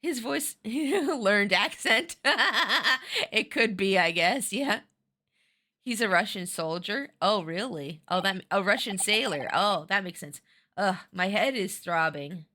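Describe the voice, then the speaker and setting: A woman's voice: medium pitch, animated, slow pace, pushed and bright. A woman streamer chatting casually and giggling while she plays through a story game and talks to her viewers. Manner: giggly, chatty, reacts to chat. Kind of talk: casual chat while reading a game aloud. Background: game music.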